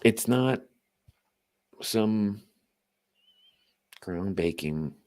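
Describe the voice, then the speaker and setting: A man's voice: lowish voice, expressive, drawn-out words, a little mellow. A man co-hosting a casual late-night podcast, profane and emphatic, hammering the same point again and again. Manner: profane, emphatic, repeats his point over and over. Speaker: podcast co-host.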